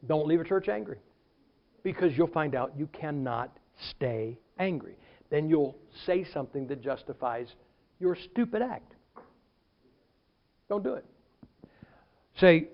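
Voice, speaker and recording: Male pastor, high voice, lively storytelling sermon, muffled dull recording. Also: measured pace, long pauses. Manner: animated storytelling preacher, acts out quotes.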